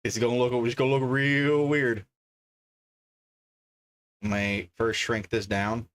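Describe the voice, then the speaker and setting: A man's voice: medium pitch, takes it slowly, fairly bright tone. A man livestreaming from his home desk, chatting casually and thinking aloud as he reads out card names one after another. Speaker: livestreamer opening card packs.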